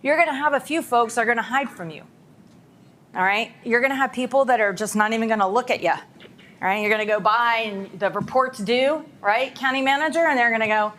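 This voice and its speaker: A woman's voice: a little high, brisk, fairly bright tone. Woman presenting at a board workshop. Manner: conversational, acts out reluctant staff in mock voices. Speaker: presenter from a school of government. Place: meeting room.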